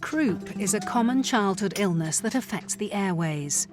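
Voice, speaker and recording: A woman giving measured, scripted narration for a documentary. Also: medium pitch, expressive, over music. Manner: measured, explanatory.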